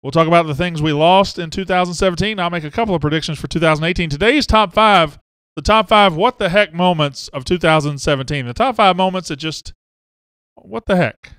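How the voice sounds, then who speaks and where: A man's voice: high-pitched, fairly quick, fairly bright tone, clear, resonant tone, no room sound, studio quality. A man, hosting a casual live sports talk show and greeting viewers by name and hometown. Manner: chatty, reads out viewer names and hometowns.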